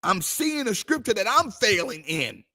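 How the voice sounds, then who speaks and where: Husky, impassioned preaching man. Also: high voice, very animated, moderate pace, sharp tone. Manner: impassioned, call-and-response preaching with sung phrases. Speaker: pastor. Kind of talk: preaching to a livestream audience.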